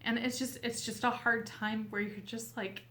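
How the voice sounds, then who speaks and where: A woman host talking casually and heartfelt to her viewers, tearful and earnest, with a halting way of speaking. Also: fairly high pitch, flat delivery, a bit bright. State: weepy, tearful. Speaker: tarot reader and channel host. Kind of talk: casual heartfelt talk to camera.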